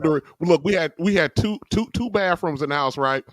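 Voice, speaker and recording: A man with a fairly high voice, a guest telling an animated, rambling story in casual chat. The sound is dry and close, with little room. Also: moderate pace, dry recording. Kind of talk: casual conversation.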